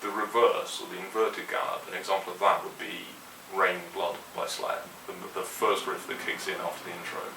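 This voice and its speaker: A man teaches guitar in a relaxed, opinionated way, counting along as he plays. His voice sits very low but has a bright edge. He is recorded from a distance in an echoey room, with a faint hiss underneath. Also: normal speed, gravelly, few pauses. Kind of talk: instructional explanation. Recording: roomy echo, mic at a distance, faint hiss.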